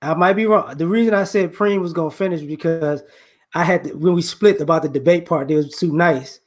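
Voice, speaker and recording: A man helps run the debate, explaining the order in loose, casual talk. His voice is notably high. He sounds relaxed and conversational. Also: brisk. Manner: casual, explaining, keeping time. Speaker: debate moderator. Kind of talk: casual chat.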